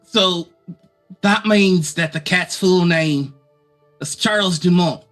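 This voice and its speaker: Guy gm narrating a tabletop game, highish bright voice, lots of uhs, chill. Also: takes it slowly, soft background music. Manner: relaxed, laughing, many uh fillers. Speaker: game master.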